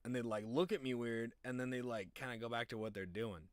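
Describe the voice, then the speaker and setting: A young man with a very deep voice, chatting casually on a live stream in a rambling, profane, animated way. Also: a little fast, no echo.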